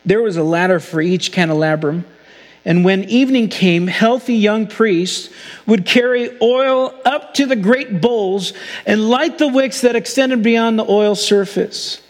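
A man preaching a sermon as pastor, earnest and slowing down to stress key phrases. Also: high voice, big-room sound. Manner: earnest preaching, slows for emphasis.

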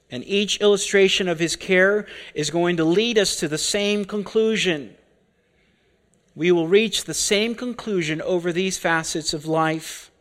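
A man preaching an expository sermon, deliberate and full of rhetorical questions. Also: high voice, a bit bright.

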